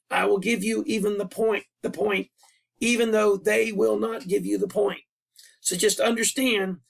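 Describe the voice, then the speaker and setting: A man, a history teacher, explains a writing assignment and how he grades it. He speaks in a plain, patient way with casual asides, and his voice is hoarse and worn out after a long day. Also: high-pitched. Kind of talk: recorded classroom lesson over a screen. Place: at a computer, voice-over.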